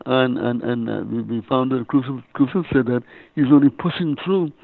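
An older man speaks over a tinny phone line, his voice gravelly with a fry at the edges. He tells his story haltingly, stumbling and repeating words as a guest on a call-in interview. The sound is dry and close. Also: medium pitch, no echo. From Bahamas. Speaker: guest author and reverend.

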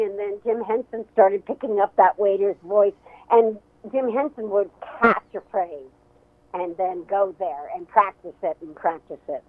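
A woman's voice: fairly high pitch, no echo. Woman guest on a tinny phone line. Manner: animated storytelling. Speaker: author and guest. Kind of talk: radio interview.

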